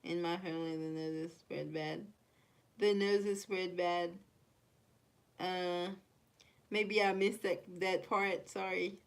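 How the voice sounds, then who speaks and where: A young woman with a blended Haitian and Kentucky accent talks loosely to her live-stream viewers, rambling from one thought to the next and reading their comments aloud. Her voice sits a little low for a woman, and she breaks into giggly asides often. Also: fairly even intonation, takes it slowly, pauses often, smooth. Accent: mixed Haitian and Kentucky. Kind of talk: casual live-stream chat.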